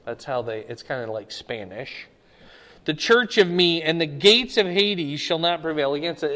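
A man leads a Bible study, emphatically stressing and repeating key words and often checking in with his listeners by asking "okay?" His voice is on the high side and fairly bright, with lively intonation at a normal speed. A long hall reverb surrounds him.

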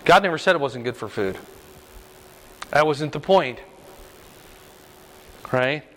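A man leading a Bible study lesson in a relaxed, conversational way, often asking "right?" as he talks through the questions. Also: a little high, slow, long reverb tail, slight background noise, low-quality recording. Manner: conversational, frequent rhetorical "right?".

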